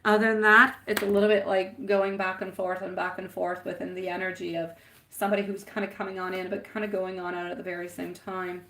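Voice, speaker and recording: A woman's voice: medium pitch, level tone, brisk, background noise. A woman reading tarot on a live stream, chatting with viewers and calling them sweetie and my love. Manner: chatty, rambling with fillers. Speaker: tarot reader.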